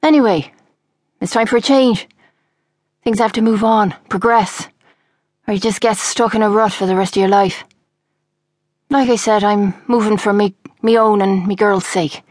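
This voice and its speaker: Woman putting on a bossy dublin dad, husky, a bit higher than her own voice, storybook reading. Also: steady tone, moderate pace, pauses often, no echo, studio quality. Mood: wistful. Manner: bossy, blustering. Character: charming hard-drinking Dublin father, middle-aged.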